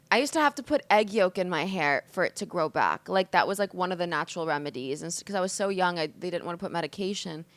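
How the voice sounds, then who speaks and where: A woman in her mid-twenties from the States talks alone on her podcast, open and emotional, swearing often and leaning on "like." Her voice sits a little low, and the sound is dry and close with no room echo. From United States. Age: 20s. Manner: candid, expressive, swears often, says "like" a lot. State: emotional, hungover. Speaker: podcast host. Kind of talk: emotional solo podcast monologue.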